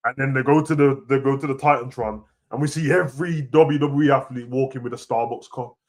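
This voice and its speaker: A young man rants casually about wrestling, full of slang and swearing, swinging between low mutters and loud outbursts. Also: brisk. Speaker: wrestling reaction host. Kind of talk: casual rant.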